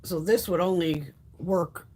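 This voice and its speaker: Hosting a laid-back beauty livestream, this woman reads viewer comments and shares blunt, very profane opinions. Her voice is on the low side, warm, and slow-paced. She chats in a rambling way, often starting her sentences over.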